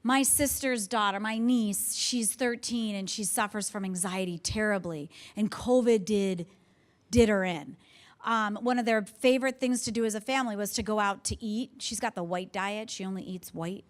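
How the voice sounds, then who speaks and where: A woman's voice: medium pitch, moderate pace. A woman presenting a staff development session in an earnest, conversational way, sharing personal stories. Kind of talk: teaching a staff workshop.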